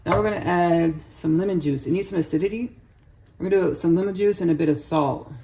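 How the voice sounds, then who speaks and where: A woman's voice: lowish voice, fast, vocal fry, background noise. A woman who hosts a home cooking vlog. She talks casually and rambles, drifting into spiritual asides as she cooks in her kitchen. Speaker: home cook vlogger.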